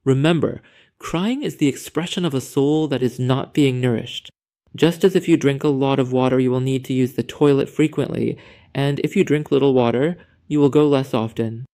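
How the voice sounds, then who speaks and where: A man speaking as a psychologist in scripted narration, with a measured, didactic lecturing manner. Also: medium pitch, warm tone, no room sound, clean studio sound.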